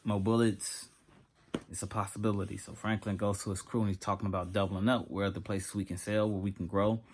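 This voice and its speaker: A man giving a casual reaction review of a TV episode, talking straight to his viewers in an animated way. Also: low voice, slightly rough.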